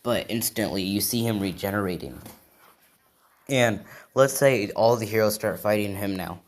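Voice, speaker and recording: A man improvising a fan-made story out loud, chaining events loosely with many "and he says" links. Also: lowish voice, normal speed.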